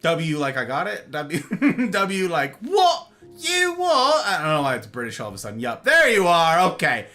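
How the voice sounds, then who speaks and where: Lively, bright-voiced male stream host. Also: on the high side, normal speed, few pauses, soft background music. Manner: animated, greets viewers warmly by name; playful, jokey asides. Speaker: livestream host. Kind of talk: casual livestream chat with viewers.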